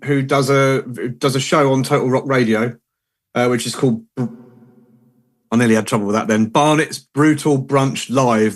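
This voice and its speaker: A man co-hosting a chatty podcast at a steady middle pitch. He stumbles, restarts his sentences and keeps apologising. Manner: hesitant, apologetic, many restarts. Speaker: podcast co-host. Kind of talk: casual chat.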